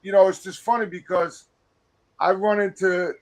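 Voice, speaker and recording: A podcast host tells lively stories in a loose, profane way. His voice sits a touch high for a man. He chats easily with his guests. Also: normal speed, rough recording. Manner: animated storyteller, swears casually. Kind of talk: casual podcast chat.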